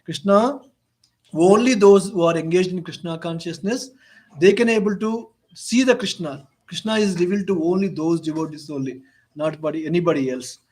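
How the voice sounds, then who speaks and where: A man's voice: sits high, moderate pace, darkish tone. A man giving a storytelling lecture on scripture. He speaks non-native English with many "you know" fillers. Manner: frequent "you know" fillers, retells stories with quoted dialogue. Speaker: lecturer on the Bhagavad-gita.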